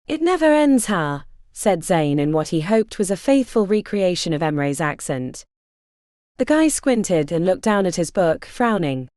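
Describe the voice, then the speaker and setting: A woman narrating an unabridged fantasy audiobook in an expressive, measured storytelling manner. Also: medium pitch, no echo, clean studio sound.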